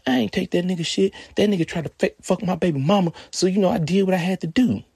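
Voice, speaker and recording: A man's voice: high voice, fast talker, creaky, a little mellow, husky, dry recording, clean studio sound, voice pushed up, exaggerated voice. A man voicing a brash, unrepentant young man who talks in a profane, boastful way. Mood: indignant.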